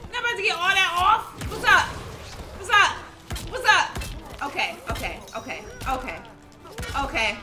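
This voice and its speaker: A woman narrates her video game match in excitable, casual commentary, trash-talking her opponent and repeating herself. Her voice is high and very bright, and it swings widely in pitch. Faint game music plays under her. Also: moderate pace. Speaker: gaming streamer.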